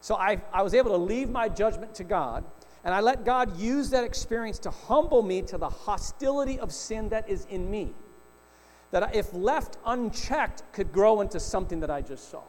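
Middle-aged male pastor, high voice, chatty storytelling sermon, echoing hall, faint hum. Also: lively intonation, normal speed, a little mellow. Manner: storytelling, conversational with frequent "right?" asides.

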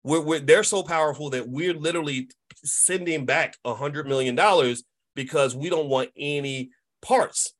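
Middle-aged male host, emphatic commentary delivery, voice in the middle register, keeps asking "right?". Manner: emphatic, repetitive, tag questions; mimics others in high excited voices. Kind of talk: casual commentary monologue.

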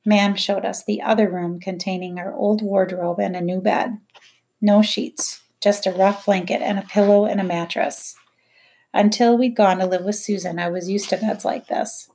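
Audiobook reader, woman, first-person narration, measured and quiet, mid-range. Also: mid-range voice, fairly even intonation.

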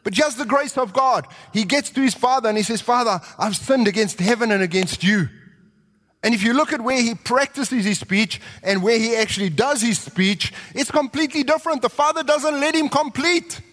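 A man preaching a sermon, telling the story with animated delivery and acting out the characters' voices. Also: very high voice, moderate pace. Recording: long hall reverb.

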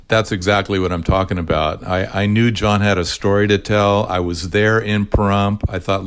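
An older man, a retired pastor, explaining his ministry in a measured, careful podcast conversation. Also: lowish voice. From California. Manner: measured, explanatory, spells words out.

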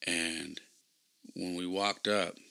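A man's voice: low-pitched, steady tone, slow, creaky, pushed and bright, clean tone. A man hosting a podcast and reflecting earnestly on his coaching, telling a personal story. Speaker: podcast host and youth baseball coach.

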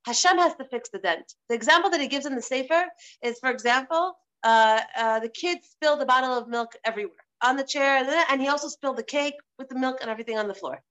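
A woman's voice: sits high, fast talker, few pauses, fairly bright tone. A woman teaching a live online religious class, stressing points by repeating phrases, over a video call.

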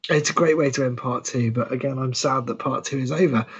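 A man's voice: mid-range voice, steady tone, brisk, slightly rough, lo-fi sound. A man co-hosting a music radio show, chatting enthusiastically and laughing often. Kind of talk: casual chat.

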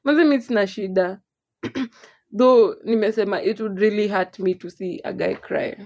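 A young woman with a Kenyan accent, co-hosting a casual podcast chat in an animated way. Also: medium pitch, normal speed. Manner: animated, mixes English and Swahili, laughs often. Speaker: podcast co-host.

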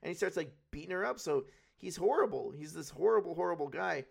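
A man's voice: fairly high pitch, expressive, fast, vocal fry, husky. A man co-hosting a podcast in casual chat, rambling and swearing freely as he retells film scenes. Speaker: podcast co-host.

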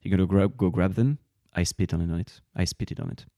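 A man's voice: sits low, fairly quick, mellow, no echo. A man performing in an improvised comedy sketch, dry and mock-dismissive.

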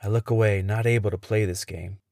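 A man with a lowish voice narrates a first-person thriller for his podcast. He tells it in a measured, tense way. The recording is close and dry, with no room around it. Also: fairly even intonation, darkish tone, dry recording. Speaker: podcast host and storyteller.

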